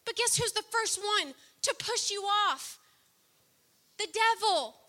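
A woman preaching a sermon, impassioned, swinging from soft, low passages to loud outbursts. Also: animated, takes it slowly.

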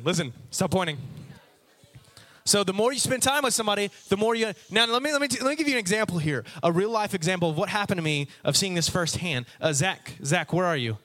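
A man preaching to a live crowd, full of jokes and asides. His voice sits a little high and swings up and down with lively expression. He talks right at the people in front of him. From Texas. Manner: animated and playful, talks straight to the crowd. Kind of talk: joking sermon to a live audience.

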